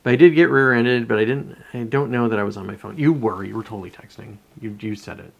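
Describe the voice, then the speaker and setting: A man's voice: lowish voice, fast, gravelly, highs cut off, a little hiss or hum. Rambling, profane male live-streamer. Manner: rambling, profane, reads chat comments aloud. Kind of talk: casual live-stream commentary.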